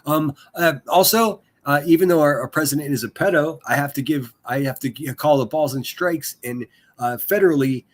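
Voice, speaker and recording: A man's voice: on the high side, moderate pace. A man chatting casually on a live stream, rambling and swearing, full of fillers and restarts. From Pittsburgh area.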